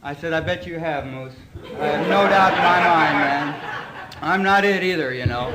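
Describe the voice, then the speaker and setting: Animated man telling his story in an echoey hall. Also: fairly high pitch, moderate pace. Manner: animated, emotional storytelling with crowd laughter. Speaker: recovery meeting speaker. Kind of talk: personal testimony talk. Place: meeting hall before an audience. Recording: echoey hall, faint room noise.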